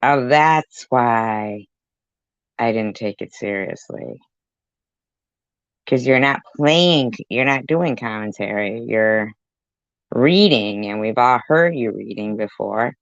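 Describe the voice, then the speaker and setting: A woman's voice: very deep voice, animated, slow, dry recording. A woman hosting a commentary channel, mocking and sarcastic as she reacts to clips, swearing freely. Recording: dull lo-fi dry sound.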